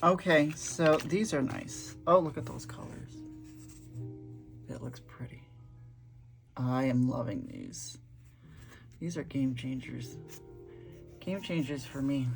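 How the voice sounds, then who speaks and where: A woman's voice: a bass voice, slow, gravelly, pauses often, over music. A middle-aged woman chatting casually as she paints swatches, gushing and thinking aloud. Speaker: art vlogger.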